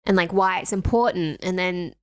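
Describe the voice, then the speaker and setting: A woman's voice: lowish voice, moderate pace, no room sound, studio quality. A young woman co-hosting a podcast in a chatty, casual way, laughing often and filling with "like". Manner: chatty, laughs easily, lots of filler "like". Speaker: podcast co-host. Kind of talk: casual chat.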